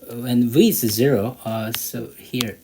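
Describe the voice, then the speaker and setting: Male math tutor, slow and halting, mid-pitched, faint background hiss. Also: dark tone, poor audio. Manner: halting, many fillers, thinks aloud while using a calculator. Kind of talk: walking through an exam problem.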